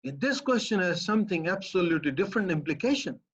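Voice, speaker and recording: A Pakistani-accented professor fields a student's questions with a fast, very animated explanation, hammering his point with repeated phrases. His high-pitched voice is slightly rough, and the lo-fi recording sounds muffled.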